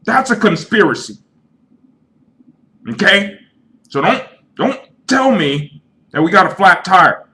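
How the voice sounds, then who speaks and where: A man voicing a frantic, bossy man in denial who shouts everyone down in a shrill voice. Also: big pitch swings, takes it slowly, pauses often, heavily acted. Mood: yelling. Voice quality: shrill, yelling.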